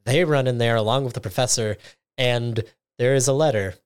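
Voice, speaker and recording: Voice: mid-range voice, brisk, clear, resonant tone. A podcast host recapping a show episode in casual chat, acting out the characters' lines. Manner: animated storytelling, acting out lines.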